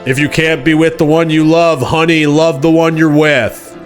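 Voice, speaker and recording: A man's voice: fairly high pitch, fairly even intonation, moderate pace, faint music behind. Rambling man spinning a goofy tale. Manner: rambling, playful, self-interrupting. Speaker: streamer host. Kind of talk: improvised comic storytelling.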